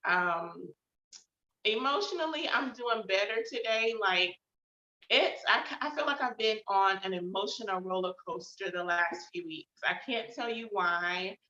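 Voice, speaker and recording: With a bright, forceful tone, this woman's medium-pitched voice is expressive and unhurried. She hosts her own show, casually checking in about her feelings in a reflective way full of fillers, and the recording is roomy and a little dull.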